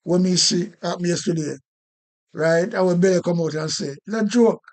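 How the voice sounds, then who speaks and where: Indignant Jamaican man, high voice. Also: a little fast, a little mellow. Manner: indignant, repetitive, swears. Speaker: live-stream host. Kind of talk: casual political rant.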